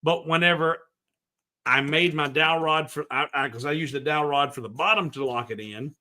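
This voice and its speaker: Speaking fairly quickly in a slightly high, sharp voice, a Southern US man runs a laid-back woodworking livestream. He's friendly and rambling, with lots of restarts, and there's a bit of hiss or hum on the audio.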